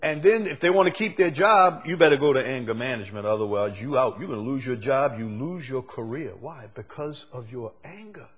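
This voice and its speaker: A man's voice: medium pitch, brisk, few pauses, a bit bright, husky. A male preacher giving a sermon, asking the same question again and again and building to emphatic peaks.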